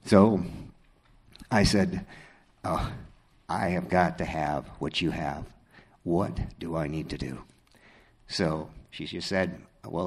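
A middle-aged man telling his faith story in a halting, sincere way with many pauses. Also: low-pitched. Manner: halting, filler-heavy, sincere. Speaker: testimony speaker. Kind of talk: personal testimony storytelling.

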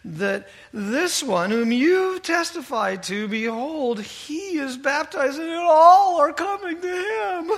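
A man slips into a whining male disciple, jealous and petty, his voice pitched up high and nasal. The tone is bright and sharp as he complains with a nagging edge. It is a quick sulky caricature inside a sermon. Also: animated, full character voice. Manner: whiny, nagging, high and strained.

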